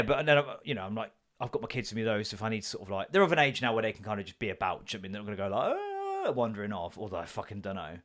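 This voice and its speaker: A man, telling stories in a sweary solo comedy podcast rant and acting out the people he quotes. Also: fairly low pitch. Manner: sweary, animated storytelling with acted quotes. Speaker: podcast host.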